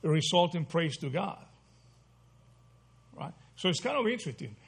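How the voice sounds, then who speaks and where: A man's voice: on the high side, big pitch swings, normal speed, creaky, slightly rough. A man teaching a Bible study class, asking the group questions and checking in with "right?" as he goes. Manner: asks the group questions, repeats "right?" often.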